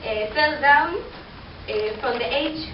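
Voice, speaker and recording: A woman, a Spanish speaker by first language, telling jokes to a class in a halting way with many fillers. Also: high voice. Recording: echoey room, far mic, dull sound, noisy.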